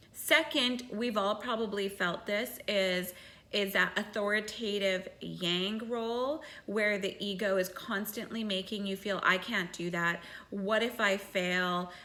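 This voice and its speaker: A woman's voice: mid-range voice, pushed and bright. A woman telling a personal spiritual story in a candid, casual monologue, swearing freely as she talks. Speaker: spiritual vlogger.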